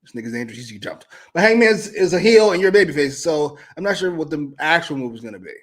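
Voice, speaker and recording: A man co-hosting a wrestling review show, musing loosely and thinking out loud. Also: fairly high pitch, lively intonation, fast talker. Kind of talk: casual review chat.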